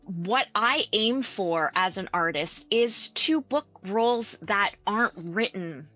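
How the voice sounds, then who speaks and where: Woman, Canadian accent, bright and clear tone, lively interview chat, faint music underneath. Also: mid-range voice, takes it slowly, muffled recording. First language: English. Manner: animated, chatty, laughs often and acts out quoted voices. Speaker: actor-coach guest. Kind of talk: casual interview conversation.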